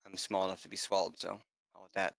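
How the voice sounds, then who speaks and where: A man's voice: deep voice, monotone, very fast, creaky, dry recording. A man playing a tabletop game, describing his small character's cautious moves. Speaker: player. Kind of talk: casual tabletop play.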